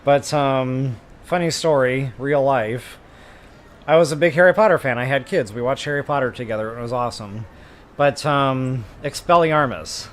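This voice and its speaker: A middle-aged man giving casual gameplay commentary, chatty and quick to laugh, who tells stories to his viewers while he plays. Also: mid-range voice, a little hiss or hum. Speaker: gaming streamer.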